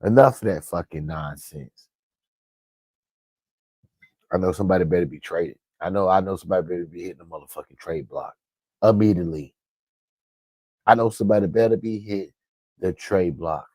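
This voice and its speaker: A man's voice: sits low, a little fast, darkish tone, no room sound. A man delivering blunt, profane fan commentary, ranting emphatically. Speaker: sports commentator vlogger.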